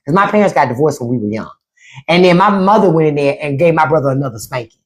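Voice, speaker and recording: A woman's voice: deep voice, fast. A middle-aged woman hosting a live stream, telling stories in a casual, profane way and acting out quotes. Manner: profane, animated storytelling with acted quotes. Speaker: podcast host.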